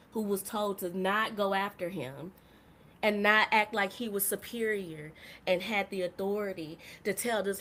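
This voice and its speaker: A woman hosting a live podcast stream, talking in a heated, profane monologue that swings from soft to loud. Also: medium pitch. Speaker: podcast host.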